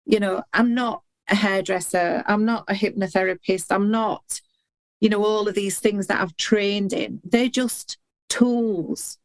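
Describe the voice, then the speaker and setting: A woman's voice: mid-range voice, steady tone, measured pace, no room sound. A middle-aged woman speaking as a podcast guest, earnest and heartfelt, often restarting words as she talks. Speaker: guest, intuitive healer and hypnotherapist. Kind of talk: candid podcast conversation.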